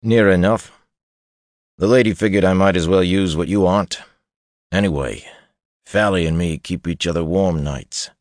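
Male narrator as a hulking, slow-witted lout; smug and muttering, dry close sound. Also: low voice, no room sound, pitched above the performer's own voice, natural voice. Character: huge dim-witted oafish man, smirking.

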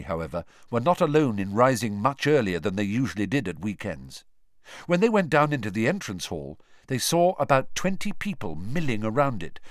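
A man narrating an audiobook with expressive storytelling, shifting voices for the characters. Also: mid-range voice, dry recording, studio quality.

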